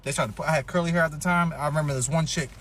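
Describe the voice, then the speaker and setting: A man's voice: fairly high pitch, very fast, slight background noise. A man telling a profane, comedic personal story, acting out what people said. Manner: animated, profane, acts out quotes.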